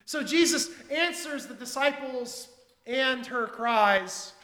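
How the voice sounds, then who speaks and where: A male pastor preaching a sermon, swinging between loud emphatic lines and hushed asides. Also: very high voice, expressive, a little slow, reverberant, long reverb tail.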